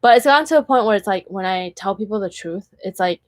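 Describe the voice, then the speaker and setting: Brief: woman, candid chatty vlogger, mid-pitched, dry close sound, filler-heavy storytelling. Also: quick pace, hardly any pauses, dry recording. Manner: earnest and candid. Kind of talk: casual storytelling vlog.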